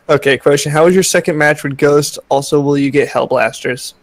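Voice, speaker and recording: A man's voice: on the high side, moderate pace, no room sound. A young man co-hosting a livestream, reading chat questions aloud with wisecracks.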